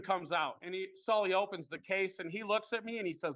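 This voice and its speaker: Speaking briskly, a lively man with a fairly high, bright voice rambles through a story in casual conversation. He's animated and doesn't hold back on swearing.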